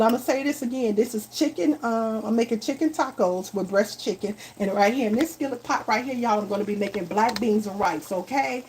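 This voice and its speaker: A woman's voice: on the high side, darkish tone, a little hiss or hum, rough recording. A woman hosting a casual live cooking stream in her home kitchen, chatting to viewers as y'all and tagging okay onto her lines. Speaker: cooking livestream host.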